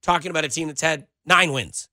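Sarcastic radio sports guy, high bright voice, dry studio sound. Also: fairly quick, no room sound. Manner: sarcastic, ranting. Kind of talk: sports talk radio banter. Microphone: studio microphone.

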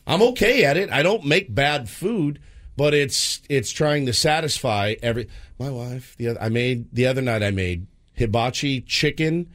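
A man's voice: mid-range voice, animated, moderate pace, a bit bright. A man in his thirties co-hosting a morning radio show, rambling in a self-deprecating, exasperated way. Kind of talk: casual morning show chat.

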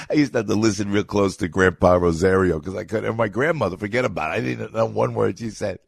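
Fairly quick and creaky, with a husky voice, this talk radio host rambles through a heated opinion piece that lurches from loud outbursts to quiet asides. The audio is studio quality with no echo.

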